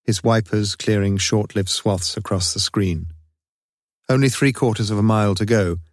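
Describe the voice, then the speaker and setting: A man narrates a crime story in a measured, even way, his voice sitting low. The recording is dry, with no room sound around him. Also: no room sound. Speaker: audiobook narrator. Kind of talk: scripted narration.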